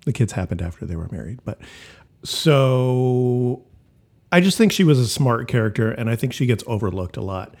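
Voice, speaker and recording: A man talking casually on a podcast, blunt and quick to swear. He mocks things he dislikes and speaks at an ordinary pitch. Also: lively intonation, darkish tone. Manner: blunt, profane, mocking. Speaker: podcast co-host. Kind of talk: casual chat.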